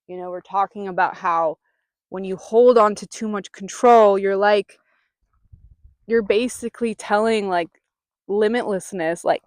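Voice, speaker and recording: A woman who hosts a spiritual vlog, speaking outdoors in a calm, soothing way with bursts of mock panic. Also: mid-range voice, a little slow, no echo, clean studio sound. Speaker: spiritual guide and channeler. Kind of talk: casual spiritual talk to camera.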